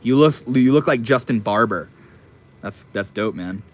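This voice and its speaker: A young man casually chatting on a live stream, reading and answering chat messages in a relaxed, profane drawl. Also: medium pitch, measured pace. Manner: laid-back, swears often, drawls.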